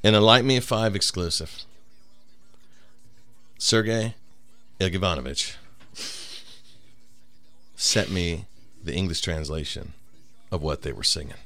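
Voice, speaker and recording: A man's voice: deep voice, unhurried, long pauses, pushed and bright. A man hosting a comedy podcast, joking in mock-serious, newscaster-style bits. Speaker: podcast host.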